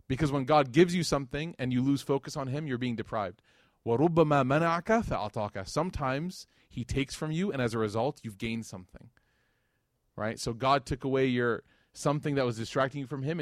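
A man's voice: medium pitch, no room sound, clean studio sound. A man giving a casual religious lecture, telling a story and acting out the dialogue with slangy asides. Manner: animated, acts out quoted dialogue.

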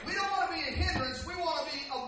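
High-voiced preacher in an echoing hall. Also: male voice, racing, heavy background noise. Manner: call-and-response preaching, swelling into half-sung lines. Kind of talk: sermon. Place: large church hall. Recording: echoey hall from far off with loud congregation. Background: congregation responding.

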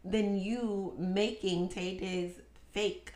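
A woman talks over a film on a podcast in a relaxed, conversational way. She teases her co-host as they talk. Her voice sits at an ordinary middle pitch. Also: very slow. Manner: laughing, teasing responses. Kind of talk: casual movie-discussion chat.

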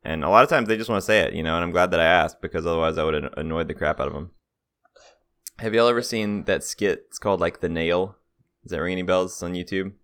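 A man's voice: deep voice, quick pace, a bit bright, clean tone. A young adult man co-hosting a podcast, chatting casually, laughing often and telling stories. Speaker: podcast co-host. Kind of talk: casual chat.

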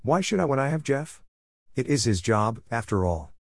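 A man's voice: medium pitch, sing-song, moderate pace, gravelly, no room sound, clean studio sound, voice pushed up. A man voicing a bratty, pompous, spoiled young man who sneers and pouts in a story reading. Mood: sneering.

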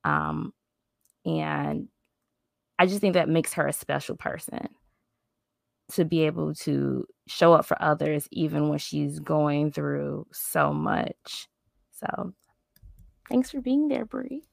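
A woman with a very low, heavily gravelly voice talks in an earnest, affectionate way, in short halting phrases. She speaks slowly, and the recording is close and dry with no room sound. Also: expressive, no room sound. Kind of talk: casual group chat.

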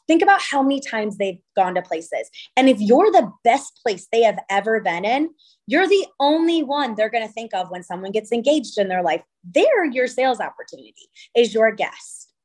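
A woman in her thirties, originally from California, talks about her venue business in a relaxed interview. Her speech is chatty and animated, full of little asides and "like," and she often acts out what people said to her. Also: fairly high pitch, poor audio. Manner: chatty, animated storytelling with frequent "like". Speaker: venue owner and wedding designer. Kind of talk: casual interview conversation.

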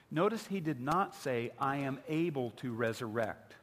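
A man's voice: medium pitch, normal speed, few pauses. A male pastor preaching a sermon, building with emphatic repetition. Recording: long hall reverb.

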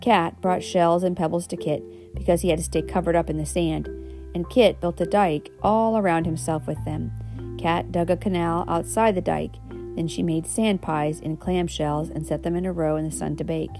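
A woman's voice: on the low side, fairly even intonation, moderate pace, creaky, music in the background. A woman reading a children's storybook aloud, with homely asides and self-corrections. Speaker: reader.

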